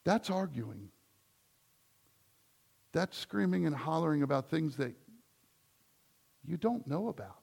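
A man's voice: a little high, very animated, slow, creaky, long pauses, darkish tone, breathy edge. A man preaching a sermon as the church's pastor, in a conversational style that builds to emphatic points.

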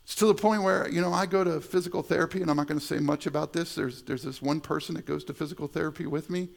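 Gravelly-voiced man preaching a sermon. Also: on the high side, steady tone, fast talker. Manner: conversational preaching with repeated words and asides. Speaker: pastor. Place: church sanctuary.

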